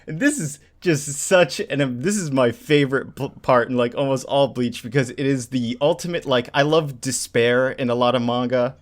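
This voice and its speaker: A man co-hosting a casual podcast, recapping a story and acting out characters' lines in quick bursts. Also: medium pitch. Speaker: podcast co-host. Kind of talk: casual chat recapping a manga.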